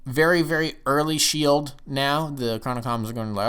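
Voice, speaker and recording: Smooth-voiced rambling man reviewing TV. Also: moderate pace, few pauses. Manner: rambling, with sudden excited jumps in pitch. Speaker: TV episode reviewer. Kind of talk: casual solo review.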